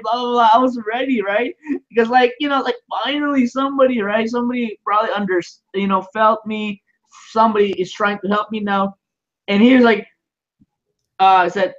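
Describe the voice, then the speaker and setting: A man's voice: sits high, moderate pace. A man in casual livestream talk, telling a story animatedly and acting out both sides of a phone call. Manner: animated storytelling with quoted voices.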